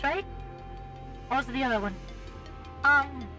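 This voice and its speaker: Casting: a high-voiced woman streamer, chatty and joking, thinking out loud. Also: a little slow, music in the background. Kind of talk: casual live-stream chat.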